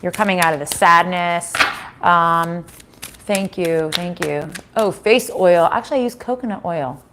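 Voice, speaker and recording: A woman's voice: fairly low pitch, measured pace, fairly bright tone, slight background noise. A middle-aged woman giving a casual live-stream tarot reading from home, chatty, swearing now and then and laughing often.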